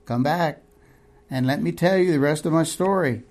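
A man's voice: fairly high pitch, moderate pace, a little mellow, lightly acted. A man voicing Bartimaeus, a cheerful, sincere formerly blind man speaking in a friendly way.

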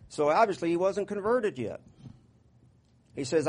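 A man preaching a sermon in a folksy, conversational way, getting louder when he reads scripture. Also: a little high, animated, moderate pace, pauses often, slightly rough. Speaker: pastor.

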